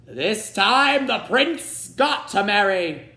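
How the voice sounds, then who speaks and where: A man voicing an impatient old king who demands and shouts, in a roomy echo. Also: high-pitched, very animated, takes it slowly, gravelly, voice pushed up, heavily acted. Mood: blustering. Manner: loud, demanding.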